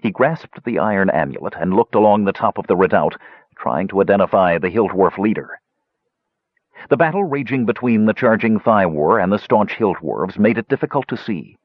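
A man narrating a fantasy audiobook in an expressive storytelling manner. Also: lowish voice, moderate pace, dry recording, highs cut off.

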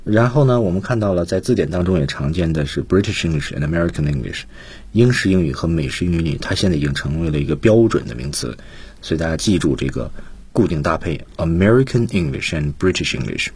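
Man, radio language teacher, deep voice, husky, patient explanations. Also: lively intonation, fast talker, darkish tone, no room sound. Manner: patient, stresses key phrases. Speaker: radio English teacher, co-host. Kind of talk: explaining vocabulary to students.

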